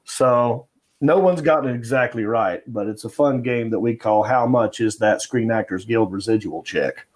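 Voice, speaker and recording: Comedian guest, middle-aged man, mid pitch, rambling anecdotes. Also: normal speed. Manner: rambling anecdotal with fillers and restarts. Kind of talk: casual interview storytelling.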